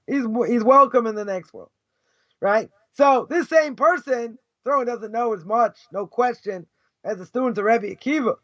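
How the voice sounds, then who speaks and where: A passionate man lecturing as a rabbi, with a very high voice that swings between sarcasm and near-shouting. The sound is dull and muffled, recorded dry and close with no room around him. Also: dry recording. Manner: loud, passionate, sarcastic, quick mock voices for others. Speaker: rabbi teaching a lesson. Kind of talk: fiery lesson.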